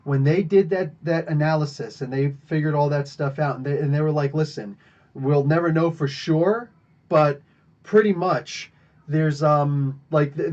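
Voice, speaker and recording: A man's voice: a little high, a little mellow, highs cut off. A man from New Jersey hosting a podcast, talking casually and rambling with lots of fillers. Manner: rambling, chatty, many fillers. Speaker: podcast host. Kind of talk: casual monologue.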